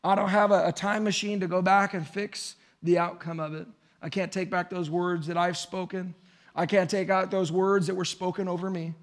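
High-voiced man preaching conversationally. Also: flat delivery, moderate pace. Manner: conversational preaching with rising emphasis. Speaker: pastor. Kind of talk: sermon.

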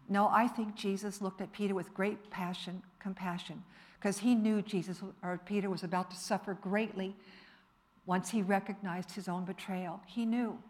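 A woman preacher delivering a sermon in church, emphatic and rising to forceful appeals. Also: medium pitch.

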